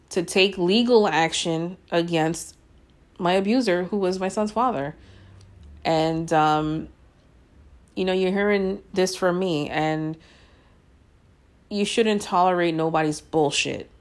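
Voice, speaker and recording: A woman in her thirties telling her own story to her listeners in a blunt, frank way, swearing freely and using lots of fillers. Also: on the low side. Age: 30s. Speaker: podcast host.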